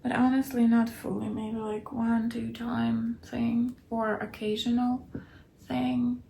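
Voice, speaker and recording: Woman, actor, weary diary voice; fairly high, heavy vocal fry, soft and often whispering. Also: little pitch movement, slow pace, a little hiss or hum. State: weary, low on energy. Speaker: actor keeping a video diary. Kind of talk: late-night video diary.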